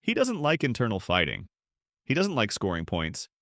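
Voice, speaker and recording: A man narrating a scripted story in a steady, even storytelling manner. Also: fairly low pitch, normal speed, dry recording, clean studio sound.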